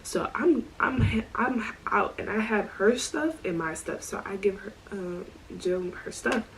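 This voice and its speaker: A woman telling a storytime vlog in a casual, animated way, full of slang and asides. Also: mid-range voice, a little slow, a little hiss or hum, rough recording. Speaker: storytime vlogger.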